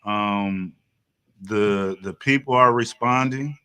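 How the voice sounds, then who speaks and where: A man's voice: on the low side, slow pace, pushed and bright, smooth. Hesitant man searching for words. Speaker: guest. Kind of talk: studio discussion. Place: studio.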